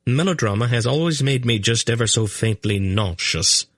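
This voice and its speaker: A man voicing a calm, commanding sorceress who speaks crisply and with motherly authority, in an audiobook reading. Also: medium pitch, no room sound, studio quality, pitched above the performer's own voice. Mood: dry, firm. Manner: crisp, brisk, gently condescending. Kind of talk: audiobook character voice.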